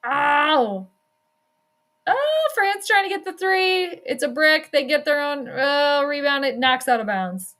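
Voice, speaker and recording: A woman's voice: high voice, big pitch swings, takes it slowly, a bit bright. A young woman doing casual live play-by-play, chatting and reacting aloud to the games she watches. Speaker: sports streamer doing her own play-by-play.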